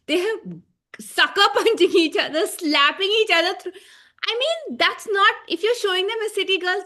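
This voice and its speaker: High, bright-voiced ranting woman. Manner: emphatic, ranting, sarcastic, swears a lot. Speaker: co-host. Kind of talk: casual review chat.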